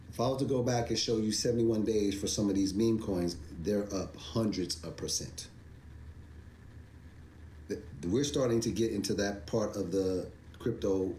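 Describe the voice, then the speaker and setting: A crypto commentator hosts a livestream, walking viewers through charts. His lowish, mellow voice is emphatic and repetitive, climbing to incredulous exclamations, with slight background noise behind him.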